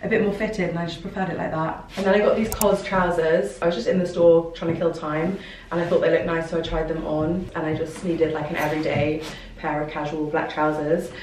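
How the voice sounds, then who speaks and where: A woman's voice: sits low, flat delivery, brisk, a little mellow, a little hiss or hum, poor audio. A young woman, chatting casually to the camera in a rambling, talkative vlog style. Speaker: vlogger.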